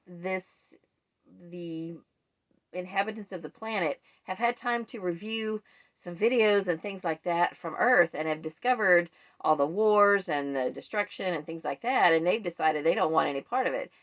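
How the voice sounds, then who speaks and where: Woman, lower-pitched voice, rambling talk with restarts; casual book vlogger. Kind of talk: casual book wrap-up chat.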